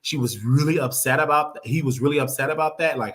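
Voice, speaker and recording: A man's voice: a little high, fast talker, a bit bright. Brash, mocking man hosting commentary. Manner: brash, mocking, trash-talking. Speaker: host. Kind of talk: casual commentary monologue.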